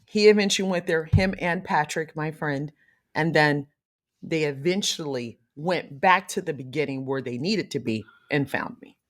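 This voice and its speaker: A woman's voice: sits low, moderate pace. A woman from Ohio, a podcast guest, recounting a travel ordeal with emphatic storytelling. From Cleveland, Ohio. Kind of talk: casual chat.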